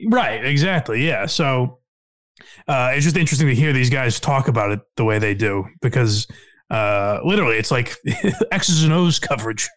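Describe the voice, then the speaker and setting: A man's voice: mid-range voice, animated, moderate pace, a bit bright. A man co-hosting a casual comedy podcast, rambling and laughing with plenty of restarts. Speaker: podcast co-host.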